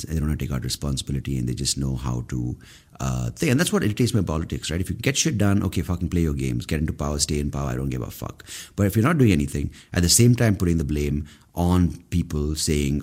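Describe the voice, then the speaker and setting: A man delivers a solo podcast rant. His voice sits extremely low, almost rumbling. He swears freely and sounds fed up. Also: animated, fast talker, darkish tone. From India. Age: 30s. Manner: profane, exasperated, ranting. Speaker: podcast host.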